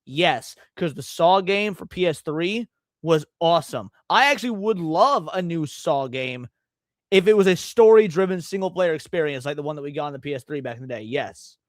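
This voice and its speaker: Male stream host, a touch high-pitched, rambling casual chat, dry close sound. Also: lively intonation, normal speed, no room sound. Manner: loose, rambling, stumbles over words.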